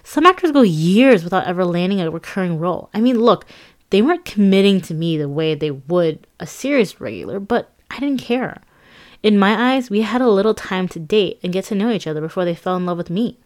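A woman narrating her own memoir for an audiobook, at an ordinary middle pitch for a woman. She tells it conversationally, lively and quick to poke fun at herself. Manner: conversational, lively, self-mocking.

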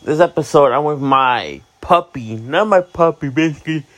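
This Miami vlogger in his twenties speaks at a moderate pace in an expressive, high-leaning voice. Sleepy and yawning, he gives a casual, rambling, candid monologue stuffed with fillers and loose swearing.

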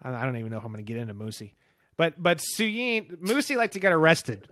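A man's voice: a little high, quick pace, no room sound, clean studio sound. A man hosting a podcast, telling wild workplace stories in casual, profane chat. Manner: profane, animated storyteller. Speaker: podcast host.

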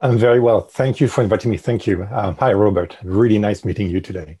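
A middle-aged man from France with a French accent, a podcast guest who speaks English haltingly with many ums and restarts. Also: on the low side, mellow, husky. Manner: hesitant, frequent ums and restarts. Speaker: guest, industrial designer. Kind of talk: podcast interview.

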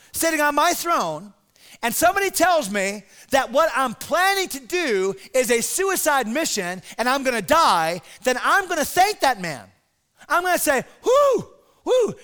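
A male pastor preaching a sermon in an animated, dramatic, conversational way. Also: extremely high pitch.

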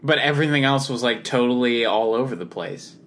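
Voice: medium pitch, brisk, a bit bright, slight background noise. A podcast co-host chatting casually, with a dry, teasing, contrary manner. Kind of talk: casual chat.

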